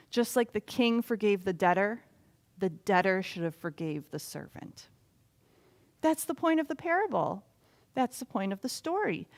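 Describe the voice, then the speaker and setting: A woman teaching a children's Bible lesson in animated storytelling that sometimes drops to a loud whisper. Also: mid-range voice.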